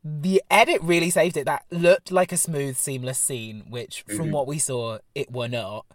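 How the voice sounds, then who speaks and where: A man from England co-hosting a podcast, chatting casually with lots of laughter and sudden jumps in pitch. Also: moderate pace, no echo, studio quality. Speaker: podcast co-host. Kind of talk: casual chat.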